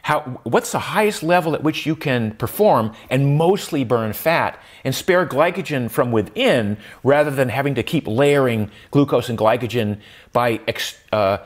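An older man speaks as an interview guest in a mid-pitched voice. He is reflective and talks with many restarts and fillers. His voice rises sharply when he makes a point. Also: animated, normal speed. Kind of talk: conversational interview.

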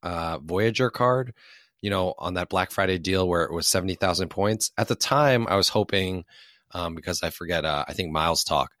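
A hoarse man with a low voice, co-hosting a podcast in a casual, joking way. His tone is sharp and tense. He is recorded dry and close. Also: moderate pace, dry recording. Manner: joking, conversational. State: hoarse from a cold. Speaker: podcast co-host. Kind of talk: casual chat.

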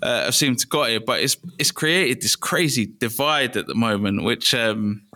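A man, a guest on a podcast, talking in a relaxed, chatty way with frequent restarts. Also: medium pitch, normal speed. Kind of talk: casual interview chat.

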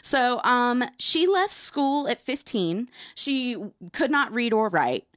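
Woman podcaster telling a crime story, super lively pitch, swears a lot, dry close sound. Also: takes it slowly, no room sound. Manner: animated, swearing, laughing storyteller. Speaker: podcast co-host telling the case. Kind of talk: casual true crime podcast chat.

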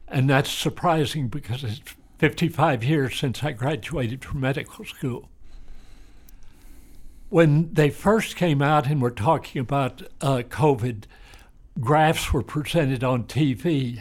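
An older man, a doctor, speaking bluntly and matter-of-factly as an interview guest. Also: mid-range voice. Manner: slow, blunt and matter-of-fact. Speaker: retired physician guest. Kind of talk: casual interview.

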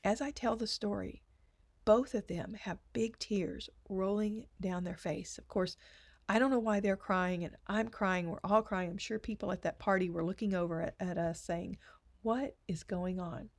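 A woman gives a personal faith testimony in an earnest storytelling manner. She often softens into hushed, emotional asides as she recounts the story. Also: medium pitch, fairly even intonation, moderate pace. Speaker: speaker sharing testimony.

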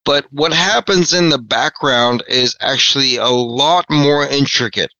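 Podcast guest, male, jumpy and self-mocking; bright, forceful tone on muffled audio. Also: mid-range voice, measured pace, no room sound. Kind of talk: casual chat. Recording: dull lo-fi audio.

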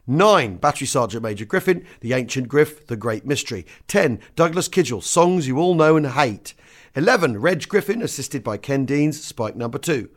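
A man hosting a podcast, reading a book extract aloud with lively swings in pitch and loudness. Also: moderate pace.

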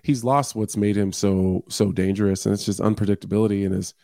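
A man's voice: fairly low pitch, fairly even intonation, fairly quick, warm tone, dry recording, clean studio sound. A man appearing as a fighter on a sports talk show, speaking frankly with stammering restarts. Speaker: guest fighter. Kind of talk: casual sports chat.

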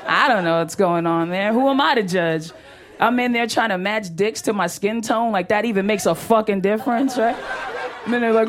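A woman's voice: mid-range voice, moderate pace, a little hiss or hum. A woman doing a brash, profane stand-up comedy set on stage, talking animatedly and laughing often. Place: comedy stage before an audience.

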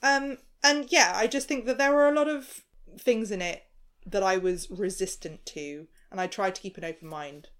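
A woman's voice: mid-range voice, normal speed, fairly bright tone. Chatty woman hosting a casual chat. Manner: chatty, thinks aloud with many restarts. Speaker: podcast host.

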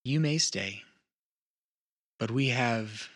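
Man doing a female elf councilor, composed, formal, slow and deliberate, bright tone, pitched up. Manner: measured, formal diplomatic speech.

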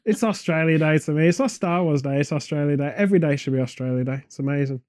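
Man, comedic podcast rambler, mellow voice, slightly raised pitch, dry close sound, deadpan tangents. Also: fast talker, no echo. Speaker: podcast co-host.

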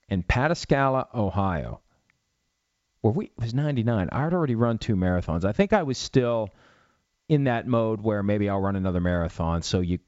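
A man's voice: on the low side, no echo. Ranting middle-aged man, dry muffled audio. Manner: animated, ranting, rhetorical questions. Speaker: podcast host. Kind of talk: solo podcast commentary.

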